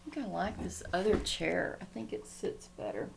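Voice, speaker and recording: A woman's voice: lowish voice, very animated, moderate pace, vocal fry, noisy background. A woman chatting casually in a home vlog, rambling and easily sidetracked as she talks. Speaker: Christian vlogger. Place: home room.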